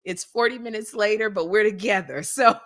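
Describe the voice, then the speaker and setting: A woman co-hosting a podcast, talking in an animated, self-deprecating, storytelling way. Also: medium pitch, a little fast. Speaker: podcast co-host. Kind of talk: casual chat.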